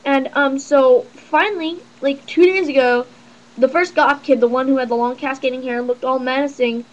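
High-voiced teen girl ranting. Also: steady tone, normal speed, dull audio. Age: teens. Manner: sarcastic, exasperated, rambling with restarts. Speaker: vlogger. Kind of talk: casual rant to camera.

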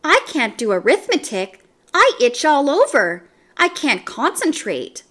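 A woman voicing a whiny schoolgirl covered in itchy bites, complaining in a high, pleading voice as she reads a storybook aloud. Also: wildly swooping pitch, a little slow, pushed and bright, heavily acted.

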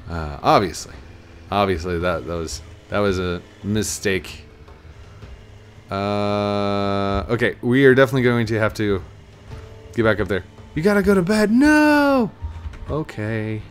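A man with the sniffles giving casual let's-play commentary at home. He is excitable and bursts into laughter and high yelps. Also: takes it slowly, pauses often, faint music behind. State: sniffly, stuffy nose. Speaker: gaming YouTuber.

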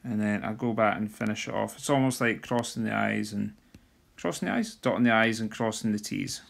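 A man's voice: on the low side, level tone, a little fast, vocal fry. A man, teaching drumming theory in a screen-recorded walkthrough and talking as he writes. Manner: talks while writing, sings drum rudiments softly.

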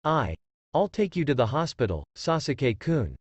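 A worried young girl ninja speaks hesitantly, as a male reader does her voice. The delivery stays lively in pitch and close to a dry mic. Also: normal speed, dry recording, lo-fi sound.

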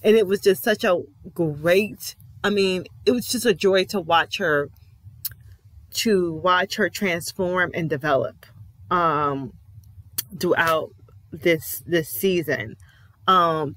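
A fairly low-pitched, fairly bright female voice carries this emotional reaction to a TV episode. The vlogger is earnest and emphatic, repeating affirmations with feeling, and there's no room sound in the recording.

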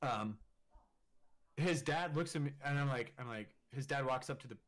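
A man's voice: mid-range voice, moderate pace, fairly bright tone. A man in his twenties, a podcast guest telling a story in casual, profane talk full of filler words and laughing through the funny parts.

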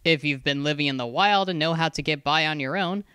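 The narrator voices a calm male school founder in a storybook reading, patient and quietly firm. The voice stays smooth and close in a dry space, never raised even when he presses. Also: medium pitch, brisk, no room sound, lightly acted. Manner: calm, patient, gently insistent.

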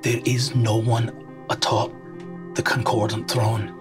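A man's voice: mid-range voice, little pitch movement, slow, music in the background, pitched below the performer's own voice, close to an everyday voice. A man voicing a solemn sailor with a formal, grave delivery, in a tabletop game. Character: loyal sailor bearing grim news, solemn.

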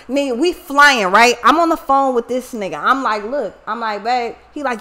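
Woman host, blunt and profane, high bright voice, animated casual storytelling. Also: a little fast, vocal fry, hardly any pauses. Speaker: tarot reader and channel host.

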